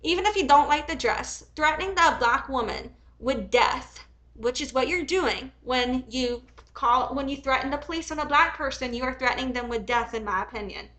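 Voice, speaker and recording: Bright, high-voiced angry woman streamer. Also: normal speed, low-quality recording. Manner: heated and profane, swings from reading calmly to angry outbursts; rambling, many restarts and filler ums. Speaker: commentary streamer. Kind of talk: reacting while reading messages aloud on a live stream.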